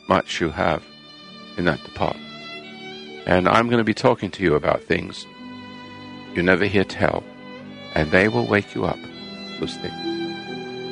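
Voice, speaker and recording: A man's voice: on the low side, vocal fry, a bit bright. A man hosting a talk program, delivering a rambling, moralizing monologue and raising his voice to stress points. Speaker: radio show host.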